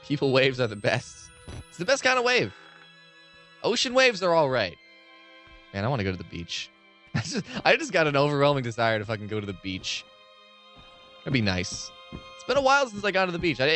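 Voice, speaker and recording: A man's voice: mid-range voice, a bit bright. Profane, rambling male game streamer. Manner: rambling, profane, chatting with viewers. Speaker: gaming live streamer. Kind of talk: casual live-stream game commentary.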